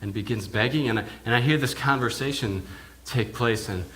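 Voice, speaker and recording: A man's voice: medium pitch, a little fast, a bit bright, close to an everyday voice. A male minister preaching in character as an awed village pig herder, telling his story in the first person with hesitant, often repeated words. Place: church.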